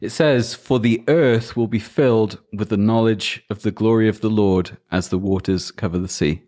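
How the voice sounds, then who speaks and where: A man with a non-American accent reads scripture aloud in a low, measured voice. His delivery is solemn and deliberate, with touches of dry humor between readings. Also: dark tone. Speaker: podcast co-host.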